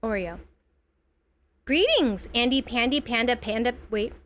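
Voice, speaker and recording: A young woman chatting casually while playing a game on a live stream, playful and scattered, reacting out loud as she goes. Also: a little high, lively intonation, unhurried. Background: loud background music.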